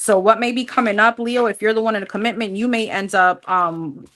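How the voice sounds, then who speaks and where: A woman's voice: mid-range voice, steady tone, fairly quick, a bit bright. A woman giving a casual tarot reading, chatty and thinking aloud as she lists cards, with hesitant fillers. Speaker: tarot reader.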